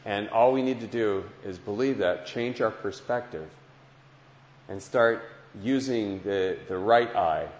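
A man's voice: lowish voice, unhurried. A man preaching a heartfelt Christian sermon and testimony, earnest, often repeating phrases, to listeners in a large hall. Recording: dull lo-fi sound with long hall echo.

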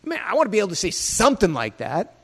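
A man with a notably high voice preaching with rhetorical questions and a provocative, chatty edge. His words carry a long hall reverb. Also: wildly swooping pitch, quick pace, vocal fry, a bit bright, slightly rough. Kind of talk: sermon.

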